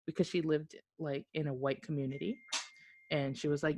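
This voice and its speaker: A woman's voice: low voice, fairly even intonation, a little fast, darkish tone. A woman co-hosting a casual podcast chat, telling stories, swearing freely and laughing often. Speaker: podcast co-host.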